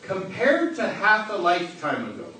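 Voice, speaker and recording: His high-pitched voice is pushed and bright, swinging hugely in pitch at a normal speed. The preacher is playful and joking as he questions a live audience during an interactive sermon in a large hall, captured in a distant, noisy, echoey recording.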